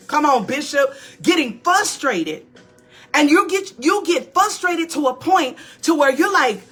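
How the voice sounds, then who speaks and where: A woman pastor delivers a motivational talk in a preaching style. Her voice sits high and rings bright. She hammers phrases through repetition and calls out to listeners as she goes. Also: sing-song, unhurried. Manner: emphatic and repetitive, calling out to listeners.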